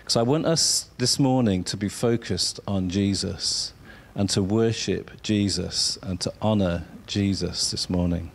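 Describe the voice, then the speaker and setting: A man preaching an informal sermon, halting and repeating himself as he coaxes listeners to speak along. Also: low voice, creaky.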